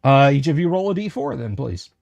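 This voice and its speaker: A man running a tabletop game livestream as game master, slowly describing what the players find, with lots of hesitant fillers and restarts. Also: mid-range voice, big pitch swings, gravelly, darkish tone, no room sound, lo-fi sound. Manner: describes items slowly and carefully.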